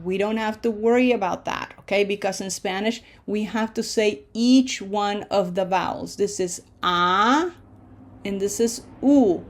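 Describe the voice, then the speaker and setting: A woman teaching pronunciation in a slow lesson, drawing out each syllable and often checking in with "okay?". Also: medium pitch. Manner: drawn-out syllable-by-syllable modeling of words.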